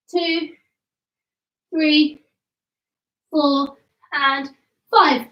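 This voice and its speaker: Bright, high-voiced young coach. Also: female voice, extremely slow, pauses often, a little hiss or hum. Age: 20s. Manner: upbeat, encouraging, counts reps aloud. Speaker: kids' gymnastics coach. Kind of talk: instructional workout class. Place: room at home. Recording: echoey room, mic at a distance.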